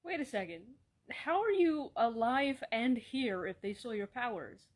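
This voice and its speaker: A woman performing a comedy sketch, voicing several characters in sarcastic, deadpan banter with casual swearing. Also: on the high side, normal speed.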